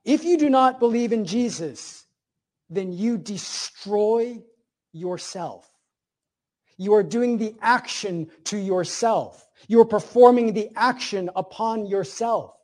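A man preaching a sermon, building emphatic repeated phrases and slowing down to stress key words while explaining a point like a teacher. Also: high voice, animated, a little mellow. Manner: emphatic, repetitive cadences with slow, stressed phrases.

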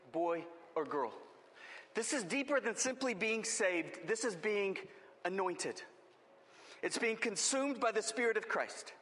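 A man's voice: sits high, fairly bright tone, big-room sound. A man preaching a sermon as pastor, with impassioned, rising emphasis.

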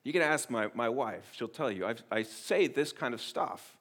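A man preaching a sermon as pastor, earnest and emphatic, often restarting phrases and swinging between quiet and loud. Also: mid-range voice, lively intonation, moderate pace, hardly any pauses, husky.

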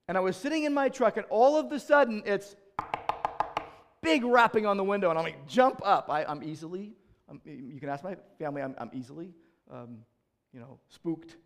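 Man, pastor, sermon, high voice, emphatic, loud and soft swings. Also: a little fast. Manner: emphatic, swings between loud urging and quiet, low delivery; tells stories with acted-out exchanges.

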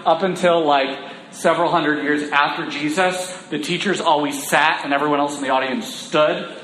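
A man preaching a sermon in a church, reading scripture and breaking into casual, animated asides. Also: on the high side, normal speed, slight background noise, poor audio.

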